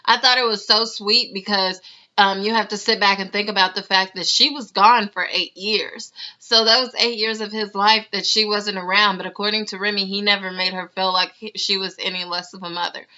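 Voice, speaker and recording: A woman's voice: mid-range voice, steady tone, a little fast, pushed and bright. Chatty woman reviewing a reality show. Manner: chatty, laughing, mimics people she recaps. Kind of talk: casual video commentary. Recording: slightly dull lo-fi sound.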